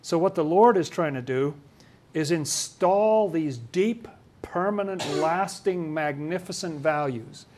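A man's voice: a little high, takes it slowly, a little mellow, slight background noise. A man giving a conversational talk on scripture, often acting out the voices of the people he quotes. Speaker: religious teacher.

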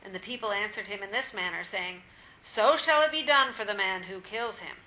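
A woman's voice: mid-range voice, normal speed, bright, forceful tone, highs cut off, a little hiss or hum. Woman reading scripture aloud. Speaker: scripture reader.

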